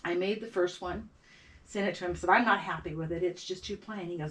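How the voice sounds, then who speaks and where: A woman's voice: mid-range voice, steady tone. Middle-aged woman telling a story a bit far off. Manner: halting, repeats words, acts out quoted voices. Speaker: beadwork artist. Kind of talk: casual storytelling interview.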